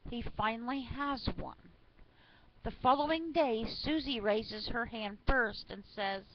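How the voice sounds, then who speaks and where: Reading amusing church stories to her online audience, a woman chats along casually, adding fillers and side comments. She speaks slowly with a fairly high voice, over a slightly muffled recording with faint noise.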